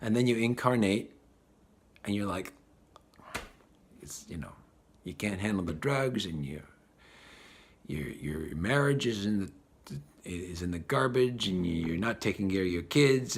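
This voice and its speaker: A man giving a spiritual talk, animated and acting out the voices of the people he describes. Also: fairly low pitch, a little slow, vocal fry, pauses often. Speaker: spiritual teacher.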